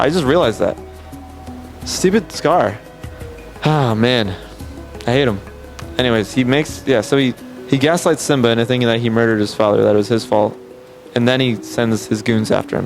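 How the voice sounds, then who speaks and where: A man retelling a film scene by scene in an animated, emphatic way, often restarting his sentences. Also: medium pitch, vocal fry. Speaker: film reviewer. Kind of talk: casual scene-by-scene movie recap.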